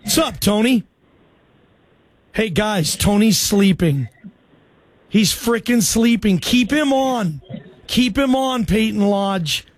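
A man hosting a call-in sports radio show, talking in loose, excitable, joking banter. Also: high voice, slow pace, pauses often, slight background noise.

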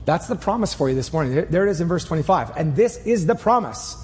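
A man preaching a sermon in a church, earnest and emphatic, speeding up and slowing down as he drives each point home. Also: a little high, lively intonation, in a large hall, a little hiss or hum. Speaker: pastor. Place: church sanctuary. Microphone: clip mic.

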